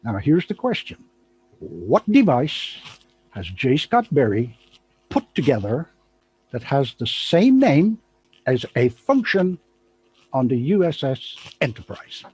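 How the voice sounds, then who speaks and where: Playful male host, husky and lively, rambling and giggly. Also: a little high, slow pace, long pauses, rough recording. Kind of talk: casual live show chat.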